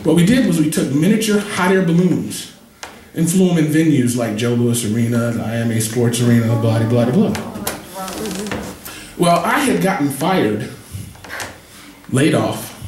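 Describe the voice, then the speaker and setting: A man in his forties works an open mic crowd with a joke and a story, acting out each voice in turn. His delivery swings widely in pitch. The sound is echoey and distant, with faint noise behind. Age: 40s. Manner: animated, jokey, acts out quoted voices. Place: cafe stage at an open mic.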